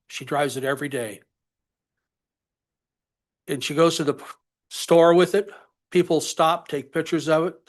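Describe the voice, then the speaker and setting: An older man giving public comment at a college budget meeting, emotional and halting as he speaks. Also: on the high side.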